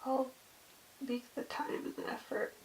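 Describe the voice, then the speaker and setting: A woman with a high voice answers in short, quiet phrases. She sounds emotional and speaks softly. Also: level tone, a little slow, vocal fry, reverberant, distant mic, poor audio. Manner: quiet, emotional, brief replies. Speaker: client.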